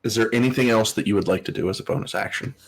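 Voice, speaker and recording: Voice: mid-range voice, very fast, gravelly, slight background noise. A game master running a tabletop role-playing game, explaining rules in an easygoing way.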